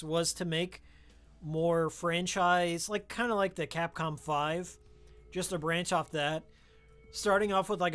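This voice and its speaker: A man's voice: on the high side, fairly bright tone. A man streaming a game, chatting casually and rambling into tangents about old games, on a studio microphone with a pop filter. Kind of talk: casual live-stream chat while playing.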